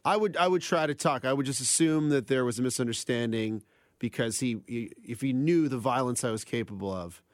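A man's voice: medium pitch, brisk, dry recording. A man co-hosting a casual radio chat in a studio, hesitant and self-deprecating, often laughing. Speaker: radio co-host. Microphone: studio microphone.

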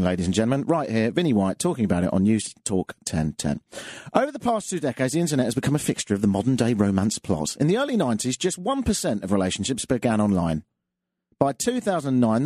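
A man's voice: mid-range voice, a little mellow, dry recording. A man hosting a radio talk show, chatty and self-mocking. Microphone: studio mic. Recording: dry studio sound.

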